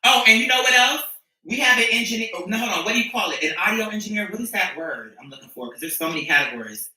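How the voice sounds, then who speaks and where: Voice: medium pitch, lively intonation, quick pace, pushed and bright. A streamer and musician chatting casually with viewers, rambling, sassy and profane, often restarting sentences. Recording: echoey room, mic at a distance.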